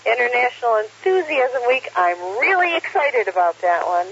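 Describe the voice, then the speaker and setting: A man's voice: extremely high pitch, moderate pace, vocal fry, husky. A man running a ham radio net, casually reading out the day's holidays with jokes and frequent fillers. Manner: relaxed, joking, frequent uh fillers. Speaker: net control operator on amateur radio. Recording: lo-fi radio audio with faint hiss.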